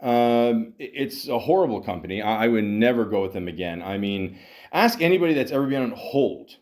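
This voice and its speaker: A man's voice: fairly low pitch, lively intonation, brisk, darkish tone. A middle-aged Canadian man hosting a podcast, rambling through hockey talk with lots of swearing, fillers and restarts. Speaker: podcast host.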